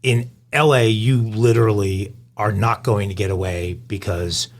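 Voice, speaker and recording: Gravelly low guy, podcast cohost, rambly casual chat. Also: steady tone, measured pace. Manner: rambling, many fillers and restarts. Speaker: podcast co-host.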